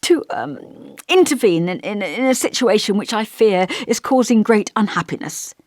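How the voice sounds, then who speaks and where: Lady reading as a fussy gentle vicar, scholarly and over-polite, voice swooping up and down, dry sound. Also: medium pitch, expressive, moderate pace, no room sound, pitched above the performer's own voice, close to an everyday voice. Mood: earnest. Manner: kindly, hesitant, over-polite. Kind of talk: audiobook character voice.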